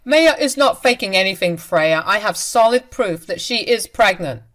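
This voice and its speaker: A woman's voice: medium pitch, expressive, normal speed, fairly bright tone, natural voice. A woman voicing an angry, controlling husband who speaks in a harsh, commanding way in a storytelling reading.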